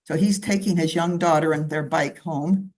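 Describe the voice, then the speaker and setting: A woman's voice: deep voice, steady tone, moderate pace, a little mellow. A woman from Canada speaking at a club meeting, walking listeners through her slides in a conversational way with asides. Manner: conversational, with asides and side remarks. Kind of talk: slide presentation talk.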